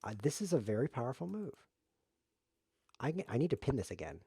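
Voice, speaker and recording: A man's voice: medium pitch, big pitch swings, a little fast, creaky, dark tone, breathy edge, no room sound, clean studio sound. A man streaming a chess variant, joking and mocking himself as he calls his own moves. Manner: jokey self-mocking play-by-play, laughs often. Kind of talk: casual live game commentary.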